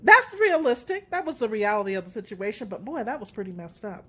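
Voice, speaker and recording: A middle-aged woman hosting a casual relationship talk, candid and animated as she tells her own story. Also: medium pitch, a little fast, husky.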